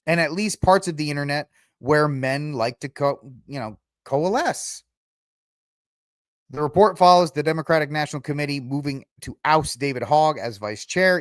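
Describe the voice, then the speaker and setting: A man's voice: fairly high pitch, no echo, studio quality. A man hosting a podcast, talking through the news in a rambling, sarcastic way and laughing at his own jokes. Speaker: podcast host. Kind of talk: casual political commentary.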